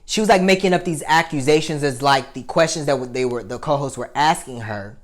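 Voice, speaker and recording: A young adult woman hosts a casual opinion commentary. Her voice sits a little low, and she talks bluntly and heatedly, swearing freely and leaning on fillers. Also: fairly quick. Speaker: commentary show host.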